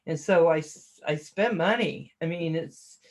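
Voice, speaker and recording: A woman's voice: low-pitched, unhurried, a little mellow. Chatty, laughing woman livestreamer. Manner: chatty and self-deprecating, laughs often; greets viewers by name. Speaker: livestream host reading chat. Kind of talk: casual livestream chat.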